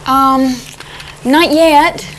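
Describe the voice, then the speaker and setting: A forgetful young secretary. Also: female voice, high voice, fairly even intonation, very slow, fairly bright tone, slight background noise, exaggerated voice, rough recording. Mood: apologetic.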